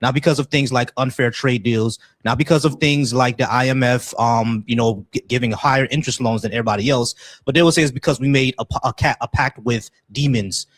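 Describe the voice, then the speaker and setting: A man's voice: mid-range voice, brisk, hardly any pauses, dry recording. Guy hosting a call-in debate stream, blunt, arguing hard, dry close mic. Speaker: host.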